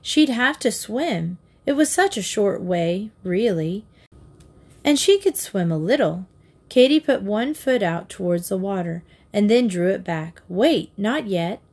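A woman narrating a children's storybook in a calm, measured reading. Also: mid-range voice. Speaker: audiobook narrator.

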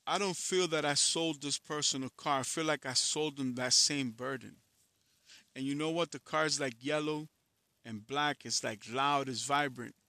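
Profane, blunt man with a bright voice. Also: medium pitch, steady tone, moderate pace, dry recording. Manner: blunt and profane, frustrated and reflective. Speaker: musician. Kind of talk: candid personal monologue.

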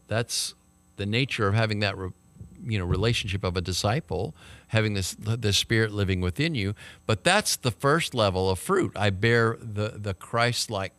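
Pastor teaching a dry, close Bible study. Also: male voice, lowish voice, a bit bright, dry recording. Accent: Texan. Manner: conversational teaching, talks to the class with "okay?" and "right?". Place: church study group, small room.

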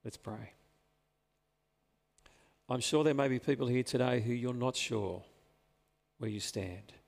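A pastor delivers an earnest sermon in a gravelly voice, drawing out key words for emphasis. His voice rings with the long reverb of a church hall. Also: medium pitch, measured pace, a little mellow.

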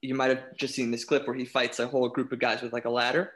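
A man chatting casually on a podcast, animated, often restarting his sentences and laughing. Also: medium pitch, fast talker. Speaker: panelist.

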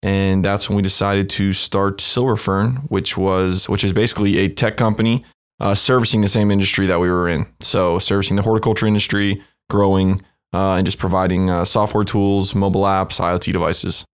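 A young man from the United States with a fairly low voice, appearing as a guest on a casual podcast. His delivery is relaxed and easygoing, and he tells his story in a loose, conversational way. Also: a little fast, clear, resonant tone. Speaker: startup co-founder, podcast guest.

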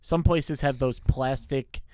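A man's voice: medium pitch, steady tone, takes it slowly, a little mellow, clear, resonant tone, no echo, studio quality. A man hosting a podcast in casual chat, teasing the others and leading segments. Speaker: podcast host.

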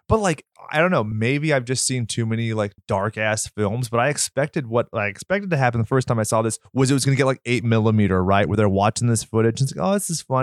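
A man co-hosting a casual movie review chat, swearing freely and joking in animated asides. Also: mid-range voice, no room sound, clean studio sound. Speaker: podcast co-host.

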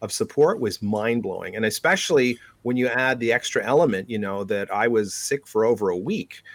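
A man from Canada in casual conversation, telling animated road-trip stories and laughing often. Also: fairly low pitch, brisk, no room sound. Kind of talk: casual chat.

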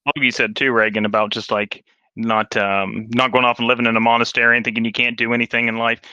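A man talking casually on a Christian podcast, animated and telling stories with acted-out quotes. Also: mid-range voice, fast talker, smooth, dry recording, highs cut off. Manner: animated storyteller, acts out quotes.

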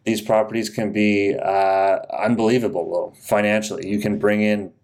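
Low-voiced matter-of-fact mortgage broker man. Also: level tone, darkish tone. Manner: matter-of-fact, explanatory, measured. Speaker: podcast co-host, mortgage broker. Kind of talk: casual podcast talk.

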